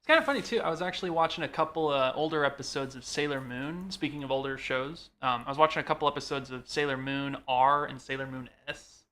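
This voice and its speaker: A man co-hosting a live stream, chatting about shows in a loose, filler-heavy way. His voice is bright and forward, with an ordinary middle pitch. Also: fast, hardly any pauses. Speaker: co-host. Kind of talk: casual chat.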